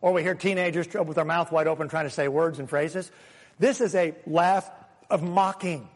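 A high-voiced man preaches a sermon in a lively, animated way, now and then acting out quoted voices. His voice carries a long reverb from a large hall. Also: normal speed. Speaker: pastor.

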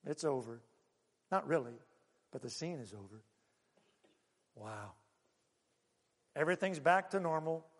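A male pastor preaching a sermon, moving from loud bursts to hushed asides. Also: a little high, unhurried, long pauses, in a large hall. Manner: animated, swinging from loud exclamations to hushed asides.

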